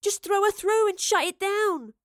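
A woman's voice: very high voice, measured pace, a little mellow, dry recording, clean studio sound, pitched above the performer's own voice. A woman voicing a frightened young woman, a distraught daughter who cries out through tears. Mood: urgent. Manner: crying, tearful.

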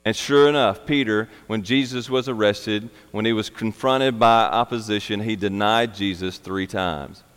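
A man's voice: fairly low pitch, normal speed, hardly any pauses, a bit bright, clear, resonant tone, long reverb tail. A man preaching a sermon, earnest and emphatic, repeating his key phrases for weight.

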